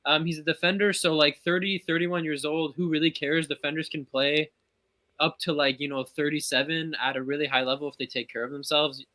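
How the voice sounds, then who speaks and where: A man's voice: fairly high pitch, fairly even intonation, a little fast, bright, forceful tone. A man co-hosting a casual football podcast, talking through transfers in a chatty, analytical way. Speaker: podcast co-host.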